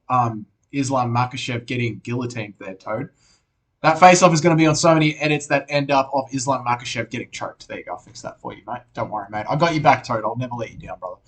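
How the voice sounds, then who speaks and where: A man's voice: mid-range voice, bright, forceful tone. A young Australian man hosting a casual live stream, reading viewers' messages aloud, swearing often and calling everyone mate. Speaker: streamer host reading chat.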